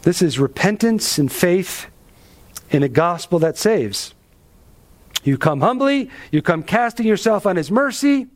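Emphatic high-pitched male preacher. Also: expressive, unhurried. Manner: emphatic, with rhetorical questions and dramatic drops in pitch. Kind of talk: expository sermon.

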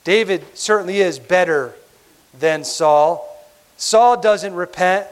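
A man preaching a sermon, emphatic, slowing down on key words and asking rhetorical questions. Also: sits high. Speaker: pastor.

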